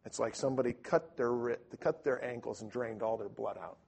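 An older man telling a story casually, rambling and animated, with lots of restarts. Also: medium pitch, a little fast, creaky, husky.

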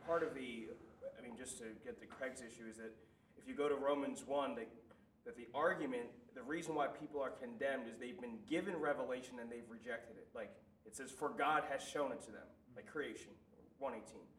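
A man's voice: mid-range voice, fairly quick, a bit bright, far from the mic, slight background noise. A man in a Bible study group arguing a counterpoint, hedging with fillers as he reasons. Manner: argumentative, hedging with 'like' and 'I mean'. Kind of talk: group discussion. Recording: echoey room, off-mic, faint ambience.

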